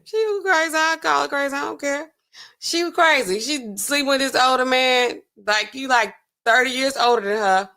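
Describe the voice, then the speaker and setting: A woman pharmacist hosting a casual reaction commentary, talking in a sassy, colloquial, animated way. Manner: animated, sassy, colloquial, swings pitch for emphasis. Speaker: pharmacist host.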